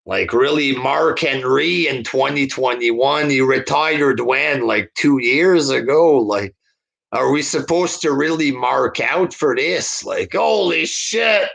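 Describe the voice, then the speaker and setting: Gravelly man in a profane rant. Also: mid-range voice, lively intonation, takes it slowly, a bit bright. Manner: crude, scornful, fillers like "like" and "there". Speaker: host reading viewer chat. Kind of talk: profane rant reading live chat.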